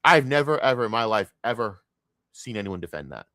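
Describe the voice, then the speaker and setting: A man's voice: fairly low pitch, sing-song, a little fast, bright, forceful tone, no room sound, studio quality. A young man streaming a casual, profane sports rant, heated and rambling.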